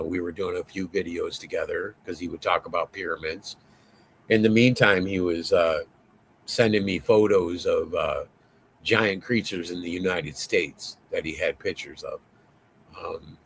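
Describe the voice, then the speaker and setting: A man's voice: deep voice, creaky, slight background noise. Rambling, profane man telling a story. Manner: rambling, profane, lots of fillers; excitable, voice rising as he tells it. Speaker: interview guest. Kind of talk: casual interview storytelling.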